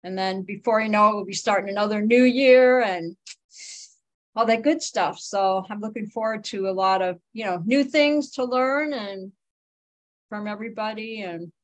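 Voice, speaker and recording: A woman's voice: medium pitch, moderate pace. A woman, co-hosting a podcast in a friendly, easygoing, chatty way. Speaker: podcast co-host. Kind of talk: casual chat.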